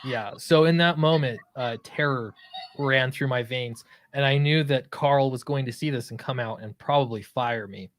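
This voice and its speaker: A man's voice: mid-range voice, dry recording. Laughing, self-mocking man telling a story. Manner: self-deprecating, laughing, halting restarts. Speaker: podcast co-host. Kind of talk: casual storytelling chat.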